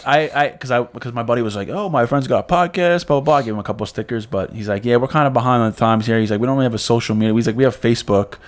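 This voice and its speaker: A man's voice: medium pitch, very fast, hardly any pauses. A man co-hosting a podcast in casual chat, telling a story with a New York accent and acting out what people said. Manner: animated storyteller, acts out quotes. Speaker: podcast co-host.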